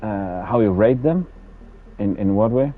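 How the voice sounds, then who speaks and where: A man's voice: fairly low pitch, lively intonation, measured pace, narrow, tinny audio, faint music behind. A Danish man with a Danish accent, streaming a game and chatting casually, repeating words as he talks. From Denmark. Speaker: gaming streamer. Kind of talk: casual chat while playing a game.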